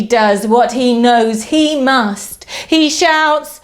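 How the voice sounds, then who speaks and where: A nursery teacher, a woman, reading a picture book aloud to young children in a lively, sing-song way and inviting them to join in. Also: a little high, takes it slowly, few pauses.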